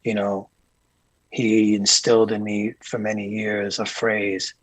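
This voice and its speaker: A man being interviewed as a guest, a tour manager telling calm, earnest stories with frequent restarts. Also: fairly low pitch, slow pace, no echo, low-quality recording. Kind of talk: casual interview chat.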